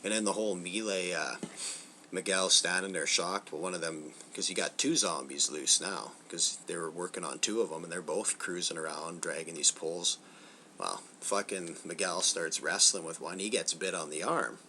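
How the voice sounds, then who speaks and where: Guy with a real low voice doing a chill profane movie review, punchy bright tone. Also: moderate pace, slight background noise. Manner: loose and profane, acts out film lines in snippets. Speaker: movie reviewer, channel host. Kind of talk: casual spoken film review.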